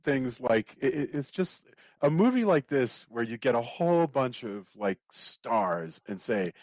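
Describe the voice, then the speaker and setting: Lively laughing Texan man hosting. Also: mid-range voice, a little slow, dry recording. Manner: animated, laughs often. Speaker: podcast host. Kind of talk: casual podcast chat.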